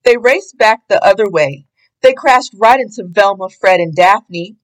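A woman reading a children's storybook aloud in an expressive, sing-song way. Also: medium pitch, a little slow, poor audio. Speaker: storybook reader.

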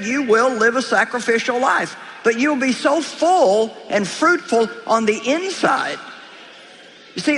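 A woman's voice: on the high side, a bit bright, a little hiss or hum. A woman preacher delivering an emphatic, exhorting sermon, speaking straight to her congregation. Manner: emphatic, exhorting, direct address. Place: large hall with live congregation. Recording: live hall reverb with crowd.

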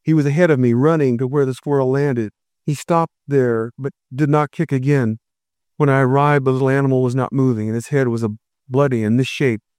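Male storyteller, smooth and resonant, dry close sound, measured reading. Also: mid-range voice, fairly even intonation, a little mellow, no echo. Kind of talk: first-person story narration.

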